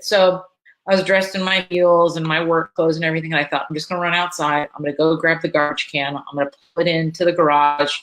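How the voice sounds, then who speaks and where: A woman vlogger from Florida tells a story straight to camera, chatty and animated, stopping and restarting as she goes. Her voice sits a little low for a woman. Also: low-quality recording. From Florida, USA.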